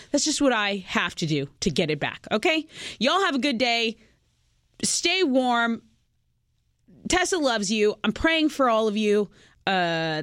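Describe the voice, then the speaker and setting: A woman's voice: on the high side, fairly bright tone, dry recording, clean studio sound. A woman with a Texan accent, a radio host venting casually, frank and profane, often repeating herself.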